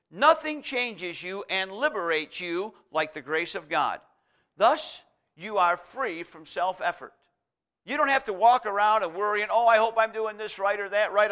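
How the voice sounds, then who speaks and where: A man's voice: high voice, bright, forceful tone. A man preaching a sermon, reading scripture aloud and driving his points home with repeated contrasts. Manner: emphatic, repetitive contrasts, reads scripture aloud.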